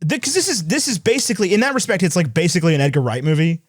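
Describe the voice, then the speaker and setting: A man's voice: high-pitched, animated, no echo. Male podcast co-host, chatty and rambling, recorded close and dry. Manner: fast, rambling, laughs while telling stories. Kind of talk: casual chat.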